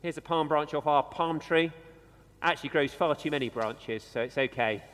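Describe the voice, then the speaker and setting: A man preaching a conversational sermon in a church, slowing down and dropping his voice for emphasis. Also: fairly high pitch. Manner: conversational, animated, with dramatic pauses and slowed emphasis. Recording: long reverb of a church hall.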